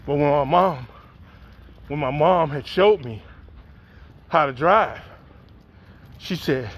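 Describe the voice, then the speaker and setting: A middle-aged man, telling a profane, animated spoken-word story and acting out the dialogue. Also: on the high side, takes it slowly, long pauses, highs cut off, a little hiss or hum. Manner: acts out dialogue, rises in excitement.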